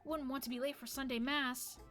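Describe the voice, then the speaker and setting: A woman reading game dialogue in a lower, dry voice as a gruff, sharp-tongued young village woman. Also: fairly even intonation, fairly quick. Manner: curt, dry and grumbling.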